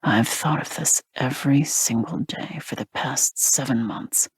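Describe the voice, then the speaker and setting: A woman voicing a rough, commanding young prince in a low, hushed growl, recorded close up for an audiobook. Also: a little slow, no room sound, low-quality recording. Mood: low, intent. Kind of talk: audiobook narration.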